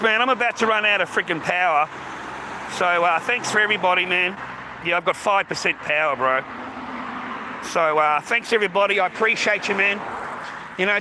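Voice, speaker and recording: An Australian man livestreaming outdoors, rambling to his viewers, swearing heavily and calling everyone mate. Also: high voice. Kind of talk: casual livestream chat to viewers. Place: outdoors on a street. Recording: outdoor street noise, passing traffic.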